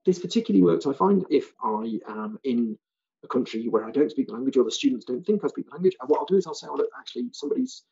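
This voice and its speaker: A British man, a language teacher trainer, giving an animated online seminar talk and acting out other people's lines. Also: medium pitch, fast talker, muffled recording. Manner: animated, acts out students' and callers' lines.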